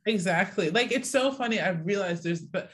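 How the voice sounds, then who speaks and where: A woman who grew up between Africa and America and now lives in Australia, chatting casually as a guest, rambling with many fillers and animated when quoting others. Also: medium pitch, normal speed. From born in Africa, raised partly in the USA, living in Australia. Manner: rambling, lots of fillers, animated when acting out quoted voices. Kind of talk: casual chat.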